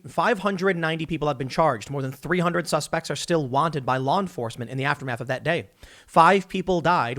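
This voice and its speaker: A man hosting an opinion commentary show, talking in an animated, sarcastic way and mocking opponents in put-on voices. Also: a little high. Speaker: political commentary host.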